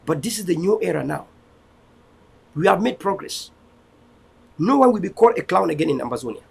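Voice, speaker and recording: A man from Cameroon hosting an online show speaks high and very animated, a bit quickly, in a gravelly, slightly mellow voice with a breathy edge. He preaches defiance in a fervent political address, rallying his audience with repeated phrases.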